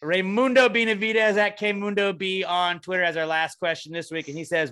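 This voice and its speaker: A man's voice: sits high, steady tone, brisk, hardly any pauses, sharp tone, smooth. A man co-hosting a casual comedy podcast, joking and swearing with sarcastic banter. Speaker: podcast co-host.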